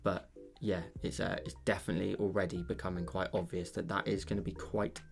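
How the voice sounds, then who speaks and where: Casting note: man, low gravelly voice, rambling streamer thanking chat over soft music. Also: level tone, a little fast. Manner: rambling, thinks aloud, many fillers and restarts. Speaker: digital painting livestreamer. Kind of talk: casual livestream chat while painting.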